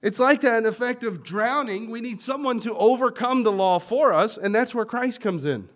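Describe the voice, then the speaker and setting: A male pastor preaching a sermon, swinging from loud emphatic lines to quiet ones as he explains and quotes scripture. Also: very high voice, moderate pace. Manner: teaching word meanings and quoting scripture.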